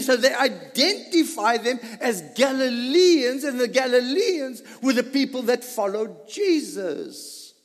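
A man preaching a sermon, animated, with sudden loud bursts and low asides. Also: a little slow. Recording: reverberant hall.

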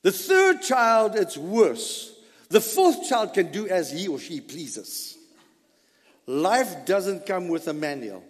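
A man preaching in a church hall, his slightly raised voice carrying a long reverb. He tells homely stories and drives his points home, dropping to quiet asides and then rising to sudden loud emphasis. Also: fairly high pitch, expressive, slow, husky. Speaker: pastor. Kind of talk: sermon.

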